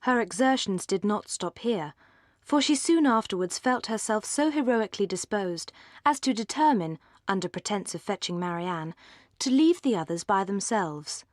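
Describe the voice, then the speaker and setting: Audiobook narrator, woman, mid pitch, measured and articulate, dry close sound. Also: lively intonation, dry recording. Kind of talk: scripted narration.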